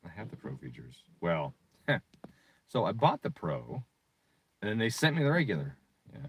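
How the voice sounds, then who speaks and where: Low-voiced profane man ranting. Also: wildly swooping pitch, slight background noise. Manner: profane, quick to rant. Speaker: car tuner and streamer. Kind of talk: casual profane screen walkthrough.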